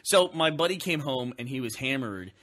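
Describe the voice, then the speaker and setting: A man's voice: mid-range voice, lively intonation, normal speed, fairly bright tone. A young man co-hosting a podcast, telling a rowdy college story in casual chat, laughing often and swearing freely. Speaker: podcast co-host.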